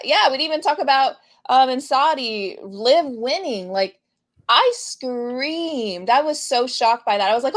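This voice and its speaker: Co-hosting a casual podcast, a woman recaps the week's wrestling animatedly, laughing often and trailing off mid-thought. Her voice is a little high with lively intonation, and she speaks a little slowly.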